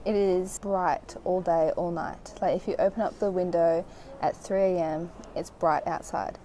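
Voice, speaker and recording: A woman's voice: fairly low pitch, steady tone, a little slow, dark tone, a little hiss or hum, low-quality recording. A young woman from Australia chatting through a casual travel vlog, telling stories with lots of "like" fillers. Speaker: travel vlogger.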